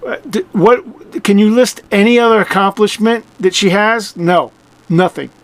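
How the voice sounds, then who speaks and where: Sarcastic high-voiced man mocking a clip. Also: moderate pace, no room sound. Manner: mocking, incredulous, repeats himself, swears. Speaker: commentator reacting to a clip. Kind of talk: sarcastic reaction commentary.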